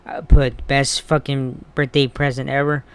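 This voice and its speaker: A man with a smooth, resonant voice at an ordinary middle pitch, ranting in a casual wrestling commentary vlog. He is blunt and heated, swearing freely as he talks. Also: level tone, measured pace.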